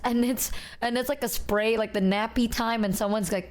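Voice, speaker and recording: A woman with a somewhat high voice chats with a friend on a livestream. She rambles, giggles through her sentences and swears freely. She keeps a loose, casual tone. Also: fairly even intonation, moderate pace, a little mellow. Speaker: streamer. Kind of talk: casual chat on stream.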